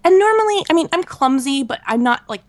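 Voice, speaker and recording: Chatty woman telling animated stories. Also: high voice, fairly quick, no echo. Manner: animated storyteller, lots of fillers and laughs. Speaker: podcast co-host. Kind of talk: casual chat.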